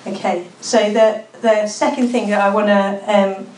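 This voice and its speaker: A woman's voice: mid-range voice, fairly even intonation, a little slow, darkish tone, a little hiss or hum. Brummie woman speaker, chatty preaching style, recorded from across a reverberant room. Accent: Birmingham. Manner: chatty, informal, with frequent "like" and restarts. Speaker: speaker at a church gathering. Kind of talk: conversational talk on prayer. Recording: echoey room, mic at a distance.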